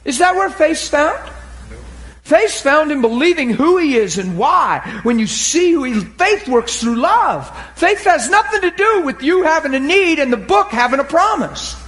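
A man preaching a sermon, acting out the scripture scenes and swinging from shouts to murmurs. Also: very high voice, measured pace. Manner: animated, acts out scripture voices, laughs and cries.

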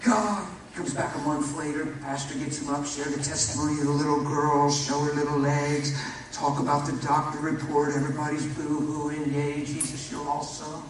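A man's voice: fairly high pitch, brisk. A man preaching as a pastor, telling a story and acting out the dialogue. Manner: animated storyteller, acts out dialogue. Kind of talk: sermon storytelling. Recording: echoey hall, far from the mic, noisy.

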